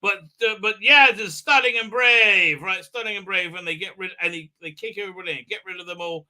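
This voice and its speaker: A man's voice: high-pitched, brisk, sharp tone. A man hosting a live episode recap, rambling and sarcastic with many filler sounds. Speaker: host reviewing a TV episode.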